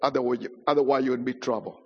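Pastor testifying in an echoing hall. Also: male voice, mid-range voice, little pitch movement, rapid-fire, breathy edge. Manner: non-native English, simple grammar, dramatic retelling. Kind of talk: sermon testimony. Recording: muffled sound in a reverberant hall.

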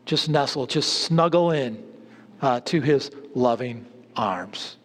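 A man's voice: medium pitch, lively intonation, slow, a bit bright, big-room sound. A male preacher delivering a sermon emphatically, repeating key phrases and speaking directly to his listeners.

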